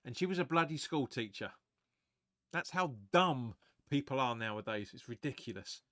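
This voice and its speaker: Bright-voiced excitable football fan. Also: male voice, mid-range voice, normal speed, no echo, studio quality. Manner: excitable, chatty, swears, reads viewer comments aloud. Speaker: fan watch-along host. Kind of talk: live match watch-along commentary.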